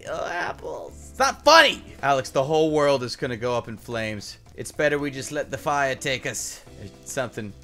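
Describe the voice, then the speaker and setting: Over faint background music, a woman with a rumbling low voice talks at a moderate pace with hardly any pauses. She's sarcastically grumbling about her Minecraft game and griping to her partner in scripted co-commentary.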